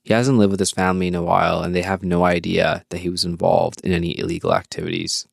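A man hosting a podcast, giving calm, measured scripted narration. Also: deep voice, creaky, dry recording, studio quality. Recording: music bed behind the voice. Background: guitar music.

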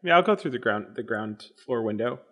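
A man's voice: mid-range voice, lively intonation, fairly quick, a bit bright. A man playing a tabletop game, wry and dry in his remarks. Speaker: player.

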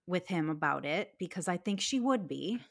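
A woman co-hosting a podcast, talking in casual chat with blunt, excitable opinions and plenty of swearing. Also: lowish voice, moderate pace, creaky. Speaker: podcast host.

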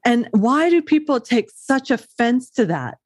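A woman's voice: a little high, very animated, measured pace, a little mellow, no room sound, studio quality. A woman hosting an interview, asking eager, chatty questions. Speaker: host, a mother.

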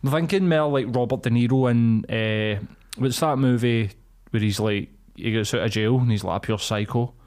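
A man's voice: mid-range voice, moderate pace, a little mellow. A young Scottish man co-hosting a podcast, telling a sweary road-rage story in casual chat and acting out the voices. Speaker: podcast co-host.

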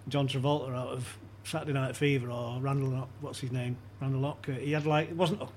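A man's voice: medium pitch, fairly even intonation, fairly quick, darkish tone, slight background noise. A man as a podcast guest, telling anecdotes in casual chat and chuckling often as he talks.

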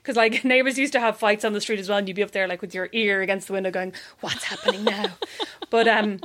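A young Irish woman chatting casually, telling animated stories and mimicking other people's voices. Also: mid-range voice, fast, a little hiss or hum. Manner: animated anecdotes, mimics voices, laughs often. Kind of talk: casual chat, storytelling.

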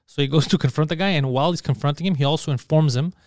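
A man co-hosting a comedy podcast, telling stories in a rapid, profane, joking way. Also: on the high side, darkish tone, no echo, studio quality. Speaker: podcast co-host. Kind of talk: casual comedy chat.

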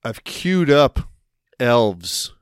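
Smooth-voiced man telling a rambling story. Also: mid-range voice, very animated, very slow, no room sound, clean studio sound. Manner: rambling storyteller, laughs often, puts on voices in anecdotes. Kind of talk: casual chat.

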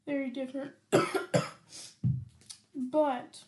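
A woman hosts a casual music podcast, her voice pitched high above most women's. She talks at an unhurried, slow pace. She giggles often and lets her sentences trail off. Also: level tone, a little mellow. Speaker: podcast host. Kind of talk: casual music reaction chat.

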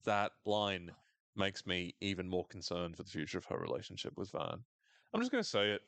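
Guy with a lowish voice doing a swear-heavy tv recap, dry close sound. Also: a little fast, vocal fry, no echo. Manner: animated, sweary and wry. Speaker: podcast co-host recapping a TV episode. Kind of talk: casual recap chat.

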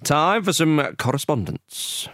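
A man's voice: a little high, sing-song, slow pace, a bit bright, no echo, studio quality. An English man hosting a podcast, chatting casually with wry humour. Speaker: podcast host. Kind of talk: casual chat.

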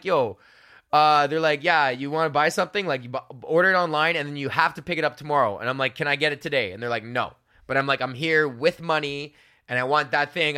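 A man's voice: on the high side, pushed and bright. A young man hosting a podcast, telling casual stories in a loose, profane, filler-heavy way. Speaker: podcast host. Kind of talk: casual rambling monologue.

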